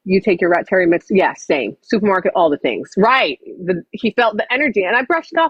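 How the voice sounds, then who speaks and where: Woman streamer, casual live chat, swears freely, very animated pitch, muffled audio. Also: a little fast, hardly any pauses, breathy edge, dry recording. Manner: profane, blunt and chatty. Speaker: livestreamer.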